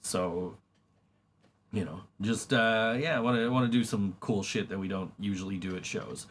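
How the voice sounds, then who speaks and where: Fairly low-pitched and moderately paced, a man who hosts a podcast and plays in a band chats casually about the group, with frequent laughter, free swearing, and many restarts.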